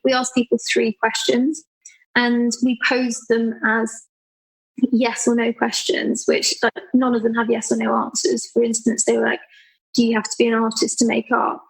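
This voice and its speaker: Husky, higher-voiced woman telling stories. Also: poor audio. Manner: animated storyteller, acts out quoted people, laughs often. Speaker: guest artist. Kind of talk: casual conversational interview.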